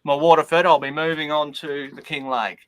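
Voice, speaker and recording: A man co-hosting a casual chat, relaxed and hesitant with fillers. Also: on the high side, a little fast. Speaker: co-host.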